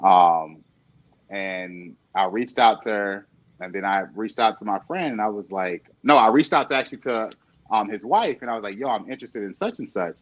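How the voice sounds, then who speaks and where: A man on an interview show telling a story in a lively way, acting out quotes and laughing often. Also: fairly low pitch, moderate pace. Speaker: interview guest. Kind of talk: conversational podcast interview. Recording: dull lo-fi sound.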